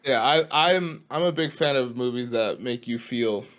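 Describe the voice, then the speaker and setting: A young man in his twenties co-hosting a podcast, telling stories in a chatty, animated way. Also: medium pitch, normal speed. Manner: chatty, animated storytelling with laughter. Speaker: podcast co-host. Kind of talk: casual chat.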